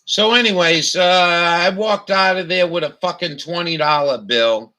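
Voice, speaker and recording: A man's voice: sits high, measured pace, pushed and bright. A man from telling a profane, ranting story as a vlogger. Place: camper.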